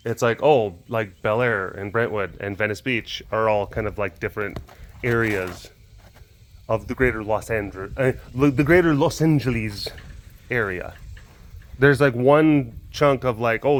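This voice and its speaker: Chatting loosely about his day, a young Texan podcast host from around Dallas-Fort Worth wanders from topic to topic and softens his tone for his pets. His pitch is medium, and there's a slight hiss or hum on the recording.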